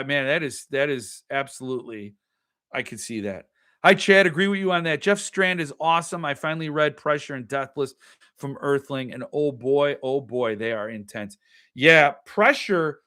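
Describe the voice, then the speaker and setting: Chatty male host, slightly higher voice. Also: a bit bright. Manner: chatty, reacts to viewer comments, trails off and restarts. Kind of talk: casual livestream chat.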